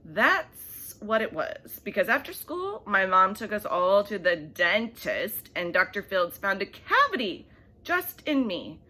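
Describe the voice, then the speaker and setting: A woman reading a children's bedtime story aloud, animated and expressive, with soft hushed asides. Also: medium pitch, measured pace.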